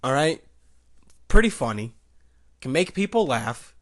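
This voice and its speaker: A man's voice: medium pitch, big pitch swings, unhurried. A man hosting a podcast, rambling through a crude comic monologue. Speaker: podcast host. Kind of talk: comedic solo monologue.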